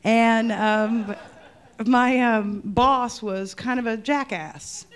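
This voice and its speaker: A woman comedian telling work stories in a live interview, wry and self-mocking, with sudden shouted outbursts. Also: a little high, extremely slow, clear, resonant tone. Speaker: comedian guest.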